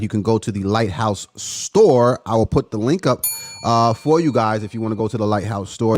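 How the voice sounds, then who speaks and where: A man hosting a casual livestream, chatting loosely and giving shout-outs to viewers by name. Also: lowish voice, no echo. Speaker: livestream host.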